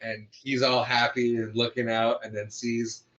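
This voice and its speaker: A man's voice: mid-range voice, level tone, measured pace, fairly bright tone, dull audio, a little hiss or hum. A man co-hosting a podcast, casually recapping a comedy film's plot and chuckling often. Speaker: podcast co-host. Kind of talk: casual movie review chat.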